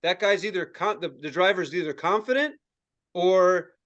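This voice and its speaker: A young adult man with a high voice runs a loose, profane story on a podcast. He acts out the other people in the story with sudden high yelps and keeps the chat rolling with plenty of filler words. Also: moderate pace, a bit bright, highs cut off. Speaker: podcast co-host.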